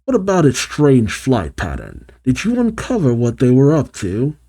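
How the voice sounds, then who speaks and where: A man voicing an irritable, scheming mad scientist villain from a comic, in a low, grumbling read. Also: huge pitch swings, moderate pace, warm tone, breathy edge, full character voice.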